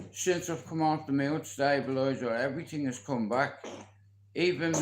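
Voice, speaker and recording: A man's voice: a little high, a little hiss or hum, rough recording. An Irish man in his forties, chatting on a live stream in a boastful, rambling way and swearing freely. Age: 40s. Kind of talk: casual live-stream chat.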